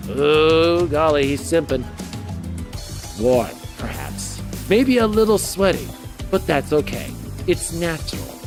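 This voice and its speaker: Animated man reading game text aloud. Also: fairly high pitch, a little slow. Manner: playful, laughs at his own jokes, tries out character voices. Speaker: streamer. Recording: game music behind voice.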